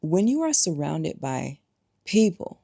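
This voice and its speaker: A woman's voice: low-pitched, very animated, slow, creaky, dark tone. A woman giving emphatic, conversational commentary to camera, full of rhetorical questions. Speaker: spiritual vlogger.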